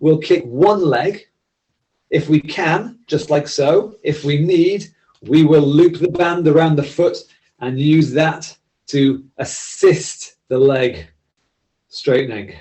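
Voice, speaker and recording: Guy running an exercise class, upbeat cues, kinda higher voice. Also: takes it slowly, dark tone, poor audio. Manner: encouraging, friendly, clear step-by-step cues. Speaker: exercise instructor. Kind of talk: leading a seated workout class.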